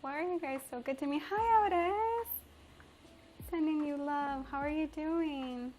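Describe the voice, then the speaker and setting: A woman's voice: sits high, steady tone, normal speed, a little mellow, slight background noise. A young woman from Mexico, a native Spanish speaker, chatting casually with viewers on a livestream from her home kitchen, bubbly and giggly. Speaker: livestreamer and chef. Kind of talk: casual livestream chat reading comments.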